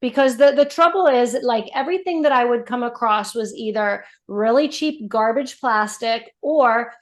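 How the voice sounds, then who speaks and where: A woman's voice: on the high side, moderate pace. Chatty woman telling her story. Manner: animated storytelling, frequent "like" and "you know". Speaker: guest, brand founder. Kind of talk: casual podcast interview.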